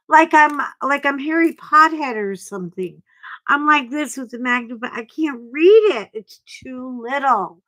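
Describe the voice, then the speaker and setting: A woman's voice: high-pitched, lively intonation, moderate pace, fairly bright tone, no room sound, poor audio. An older woman hosting a crafting channel, chatting casually to camera in a rambling, self-deprecating way. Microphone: clip-on mic that keeps bumping.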